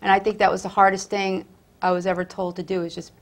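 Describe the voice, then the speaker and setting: A woman's voice: medium pitch, little pitch movement, fast. A woman hosting a casual interview, effusive and encouraging toward her guest. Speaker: host.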